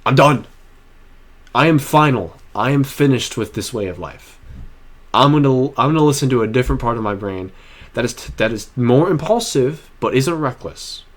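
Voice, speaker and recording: Talking to camera for a personal vlog, a young man rambles and restarts often in an earnest, heartfelt way. His mid-range voice is animated and moves at a moderate pace.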